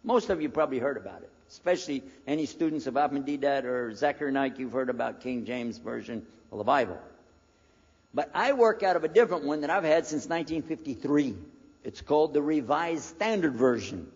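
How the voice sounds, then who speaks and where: A man's voice: mid-range voice, brisk, a little mellow, breathy edge. An older man, a former preacher, telling his conversion story to an audience in a folksy storytelling manner. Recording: dull lo-fi recording in a reverberant hall.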